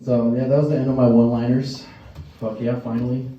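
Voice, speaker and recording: A man's voice: mid-range voice, flat delivery, brisk, lo-fi sound. A male stand-up comedian doing a crude, rambling set and laughing at his own jokes. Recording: echoey room, distant mic, faint noise.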